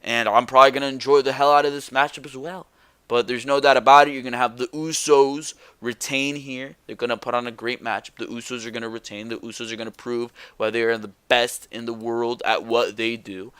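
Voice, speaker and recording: A man hosting a wrestling predictions show, talking bluntly and excitably with casual swearing and slang. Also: mid-range voice, a little fast, clean tone, dry recording.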